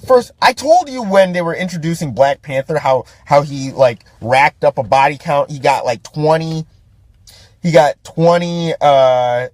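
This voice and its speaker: A man's voice: a little high, darkish tone, dry recording. A man hosting a podcast, ranting about a movie in profane, casual commentary, laughing often and restarting his sentences. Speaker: podcast host.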